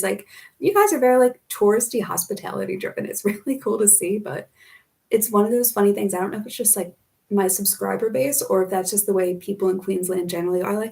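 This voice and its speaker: A young American woman from the Philadelphia area, now living in Australia, talks fast in a mid-range, creaky, slightly mellow voice. She chats casually during a live stream, reading out viewer comments and answering their questions.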